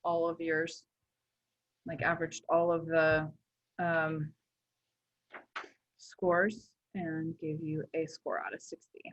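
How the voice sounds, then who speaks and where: A woman's voice: sits low, level tone, slow, long pauses, highs cut off. A young woman teaching a class in a casual, chatty way, full of filler words and self-corrections. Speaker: instructor.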